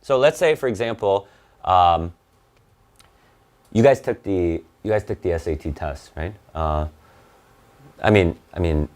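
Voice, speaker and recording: Low-voiced man tutoring an SAT class. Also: unhurried, pauses often, a little mellow. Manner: talks in bursts, checks in with "right?" and "okay?". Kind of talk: live online class lecture.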